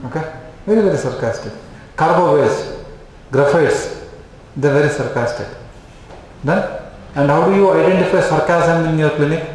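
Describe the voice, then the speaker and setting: A male lecturer, talking to a class in a somewhat high voice and circling back with repeated checks. His voice rings through a very echoey classroom over a faint background hiss. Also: moderate pace. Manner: repetitive, checks in with "okay?" constantly.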